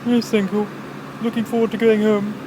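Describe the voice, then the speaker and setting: A man's voice: high voice, flat delivery, moderate pace, pitched above the performer's own voice, natural voice. A man voicing a polite, prim lady car, talking in a genteel, chirpy way. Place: outdoors among vehicles. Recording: outdoor engine noise.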